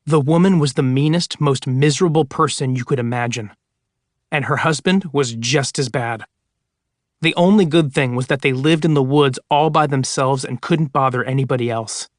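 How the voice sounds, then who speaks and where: A man's voice: medium pitch, normal speed, dry recording, clean studio sound. A man narrating an audiobook of scary stories with dramatic storytelling. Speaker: audiobook reader.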